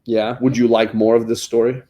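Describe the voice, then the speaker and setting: A man hosts a relaxed comic book chat with his children, speaking at an everyday middle pitch. He sounds eager and talkative, often stumbling and repeating words as he gets excited. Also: a little fast. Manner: enthusiastic, chatty, often restarts words. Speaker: comic book show host. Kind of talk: casual chat reviewing comics with his kids.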